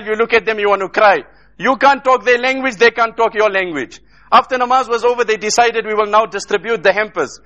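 Bright high-voiced man preaching. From South Africa. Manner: emotional, repetitive rhetorical phrasing with Arabic phrases. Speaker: Islamic speaker. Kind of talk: emotional sermon storytelling.

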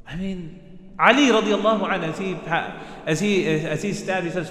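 A man's voice: high voice, moderate pace, fairly bright tone. A man preaching a sermon, retelling stories earnestly, with frequent restarts and recited Arabic phrases. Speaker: Islamic preacher. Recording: echoey hall with long reverb.

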